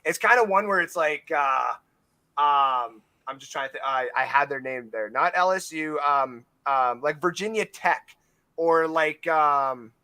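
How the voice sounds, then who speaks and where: A man with a bright, slightly high voice chats loosely on a sports podcast. He wanders through his thoughts, stopping and restarting with plenty of "um" and "like". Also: a little slow. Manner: rambling, with many fillers and restarts. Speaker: podcast co-host. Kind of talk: casual sports chat.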